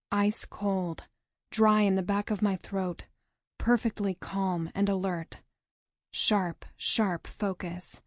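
A woman narrating a novel in the first person, with a measured, dramatic reading. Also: mid-range voice, fairly even intonation, dry recording, clean studio sound. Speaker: audiobook narrator.

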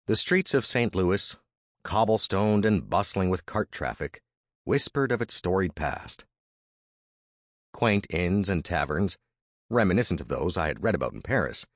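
A man's voice: deep voice, no room sound, clean studio sound. A man reading a first-person historical story as narrator, with dramatic, vivid storytelling.

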